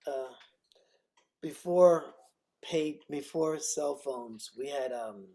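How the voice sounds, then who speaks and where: A man, a photographer, telling a story on a panel in a quiet, unhurried way. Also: on the high side. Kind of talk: casual anecdote on a panel.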